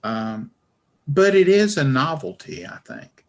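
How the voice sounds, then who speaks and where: A man's voice: on the high side, expressive, slow pace. A man with a Southern Appalachian foothills accent, telling wry, folksy stories as an interview guest. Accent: Southern US, Alabama Appalachian foothills. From Alabama, American South. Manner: folksy, wry storyteller who acts out quoted voices. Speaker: author and journalist, interview guest. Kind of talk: relaxed storytelling in an interview.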